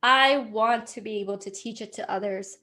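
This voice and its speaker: Higher-voiced woman telling a heartfelt story. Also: normal speed, pushed and bright. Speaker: guest, software company founder. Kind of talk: casual interview talk.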